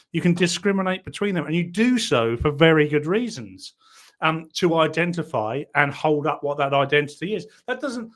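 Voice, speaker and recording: Male co-host, casual chat, argumentative, lively pitch swings, slightly high voice. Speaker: podcast co-host.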